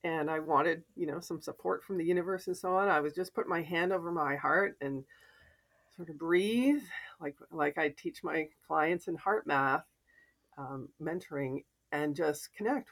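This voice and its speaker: A woman's voice: sits low, a little slow. A woman, a podcast guest and mentor, telling stories and advice in an earnest, reflective way. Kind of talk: casual interview chat.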